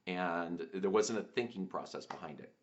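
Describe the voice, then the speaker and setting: A very low-pitched man, hosting his own show, tells a personal story in a reflective, searching way. He halts often, fills gaps with fillers and starts his sentences over. The recording sounds dull and lo-fi. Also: expressive. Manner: halting, many fillers and restarts. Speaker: podcast host.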